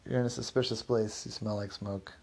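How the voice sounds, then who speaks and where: A man playing a level-headed cop in a spoken story, firm but unhurried. His voice sits at an ordinary pitch with a gravelly rasp. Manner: calm, procedural. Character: steady, no-nonsense male police officer.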